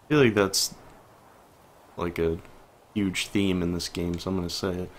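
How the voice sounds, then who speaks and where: A man's voice: sits low, steady tone, normal speed, slight background noise. A man streaming a story game, reading its dialogue aloud and adding laid-back asides. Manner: laid-back asides, voicing each character in turn. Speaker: gaming streamer.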